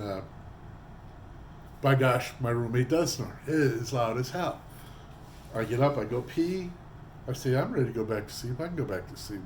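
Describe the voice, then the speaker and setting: A man's voice: mid-range voice, a little hiss or hum. A man vlogging, telling a casual story with lots of energy and acting out what people said. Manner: animated, acts out quoted voices. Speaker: trucker vlogger.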